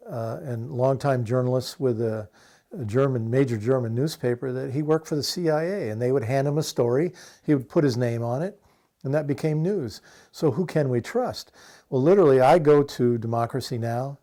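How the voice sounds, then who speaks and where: Earnest older American activist, mellow voice. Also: male voice, medium pitch. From United States. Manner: earnest and impassioned, with frequent fillers and restarts. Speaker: activist being interviewed. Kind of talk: reflective interview answer.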